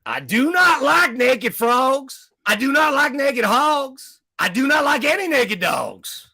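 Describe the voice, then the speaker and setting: A man's voice: a little high, expressive, a little slow, creaky, pushed and bright, full character voice. A man voicing an angry, hotheaded male match who bullies and bans books, reading aloud in a playful children's-book style.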